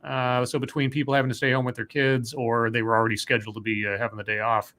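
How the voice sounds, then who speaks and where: This podcast host talks quickly in a medium-pitched voice, greeting listeners of his casual online talk show. His banter is upbeat and animated throughout.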